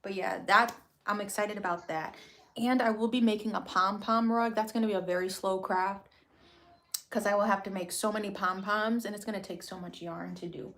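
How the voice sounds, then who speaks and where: A woman's voice: medium pitch, fairly even intonation, normal speed, fairly bright tone. A woman chatting casually in a home craft vlog, rambling with lots of fillers and restarts. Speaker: craft vlogger and small shop owner.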